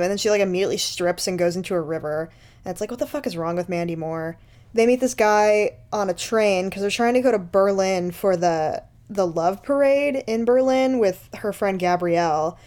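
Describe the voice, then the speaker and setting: A woman's voice: mid-range voice, darkish tone. A woman casually recapping a movie for a podcast, sarcastic and profane, laughing often. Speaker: podcast co-host.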